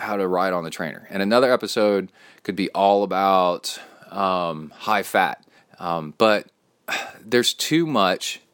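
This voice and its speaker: A man's voice: on the low side, fairly bright tone, dry recording, clean studio sound. A man hosting his own podcast in a casual, rambling solo talk, reading a listener's email aloud into his phone. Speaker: podcast host.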